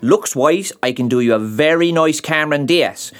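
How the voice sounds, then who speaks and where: An actress playing a fertility doctor with a salesy, stammering manner, selling designer babies. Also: female voice, low voice, normal speed, lightly acted.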